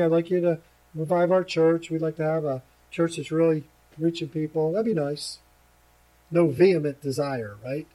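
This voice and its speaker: A middle-aged man preaching a sermon, reading scripture slowly and then explaining it in plain, conversational asides. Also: on the high side, warm tone, rough recording. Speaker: pastor.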